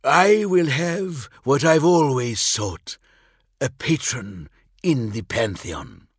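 Guy doing a zealous dark priest, hissy and fervent, slow and husky, pitched up high. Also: animated, no room sound, studio quality. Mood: conspiratorial. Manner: impassioned, rising, hissing.

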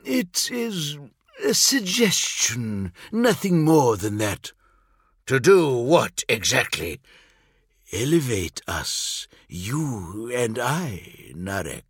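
A man voices a scheming male dark priest who burns with zeal. The figure speaks in a raised, impassioned pitch that sometimes drops to a hiss. The voice is slow and husky, recorded dry and close. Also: very animated, dry recording, heavily acted. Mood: conspiratorial. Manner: impassioned, rising, hissing.

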